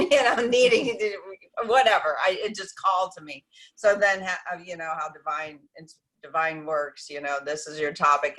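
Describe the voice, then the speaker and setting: A woman's voice: low voice, bright, forceful tone, rough recording. A woman congregant thanking a speaker in a rambling, heartfelt way, full of "you know" and "um". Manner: rambling, heartfelt, many fillers. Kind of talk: emotional thanks. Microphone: video call.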